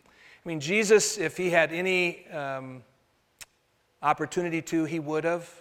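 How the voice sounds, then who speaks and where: A man delivers a sermon with earnest conviction, his fairly high voice swelling to loud emphasis and then sinking to quiet, drawn-out phrases. A long reverb of a large hall trails behind him. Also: steady tone. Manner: earnest, rising to loud emphasis and dropping to soft, slow phrases. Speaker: pastor.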